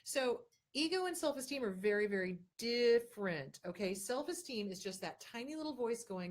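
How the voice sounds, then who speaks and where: A woman's voice: medium pitch, expressive, moderate pace. A woman hosting an advice show, answering viewer questions in casual talk, blunt and emphatic, hammering her points home by repeating them.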